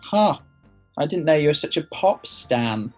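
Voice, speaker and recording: A man's voice: fairly high pitch, lively intonation, measured pace, soft background music. A man co-hosting a casual drawing game, teasing and swearing in mock indignation. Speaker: co-host.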